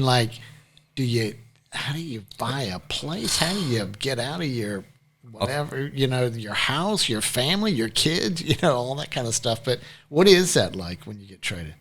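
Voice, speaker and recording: A man's voice: medium pitch, animated, moderate pace, fairly bright tone, a little hiss or hum. A man hosting a podcast interview, asking eager questions in a casual chat with plenty of fillers. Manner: eager, with many fillers and restarts. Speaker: podcast host.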